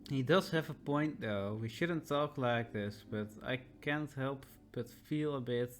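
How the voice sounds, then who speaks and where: A man's voice: medium pitch, unhurried, soft background music, natural voice. A man voicing a disillusioned young soldier in a video game, speaking in a weary, troubled way.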